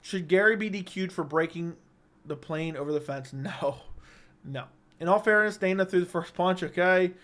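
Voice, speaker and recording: A man's voice: sits high, normal speed, a bit bright. A young man hosting a casual livestream, reading viewer comments and giving blunt, opinionated verdicts into a studio microphone.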